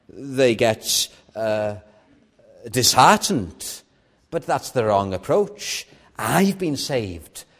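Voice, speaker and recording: A man preaching a sermon in an earnest, personal way, sometimes dropping soft and sometimes lifting his stress. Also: medium pitch.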